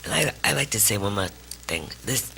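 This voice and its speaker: A man's voice: fairly low pitch, lively intonation, normal speed, gravelly, bright, forceful tone, a little hiss or hum. A man on the council giving a brief, plain tribute to a departing colleague at a meeting. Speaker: council member. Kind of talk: meeting remarks.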